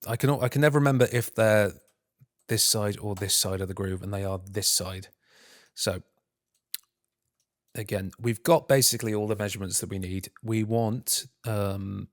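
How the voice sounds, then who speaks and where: A low-voiced man narrates a screen-recorded tutorial, talking himself through each step and humming little filler sounds as he works. The recording is dry and close, with no room around it. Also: fairly even intonation, moderate pace, dry recording. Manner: muttering to himself, humming filler syllables while working; self-deprecating, talking through steps. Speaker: tutorial host.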